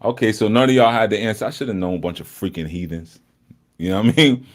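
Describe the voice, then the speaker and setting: A man hosting a live study session in a casual, joking way, laughing often and moving between loud and hushed talk. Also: fairly low pitch, fast. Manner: teasing, joking with the chat.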